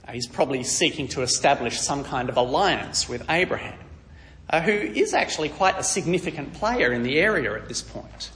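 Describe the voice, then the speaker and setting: A man's voice: fairly high pitch, expressive, moderate pace, a bit bright, in a large hall, a little hiss or hum. A man preaching, teaching a Bible story in a conversational way with wry asides.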